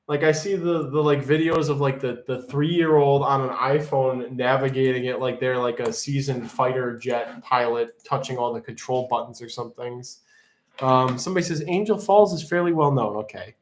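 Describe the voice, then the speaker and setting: A man's voice: medium pitch, fairly even intonation, moderate pace. A man hosting a live-streamed auction in casual chat, rambling and joking as he reads out the chat. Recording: echoey room.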